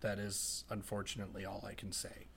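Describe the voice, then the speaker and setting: A man voicing a gentle, wise male otherworldly guardian, speaking slowly and in a hushed, solemn way. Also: on the low side, monotone, gravelly, a little hiss or hum. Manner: slow, hushed, solemn farewell.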